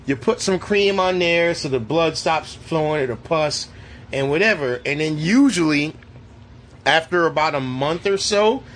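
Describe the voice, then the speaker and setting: Animated, foul-mouthed man reviewing a film. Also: fairly high pitch, a little hiss or hum. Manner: animated, profane, acts out quotes of scenes. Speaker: podcast co-host. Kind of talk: casual movie review chat. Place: movie theater.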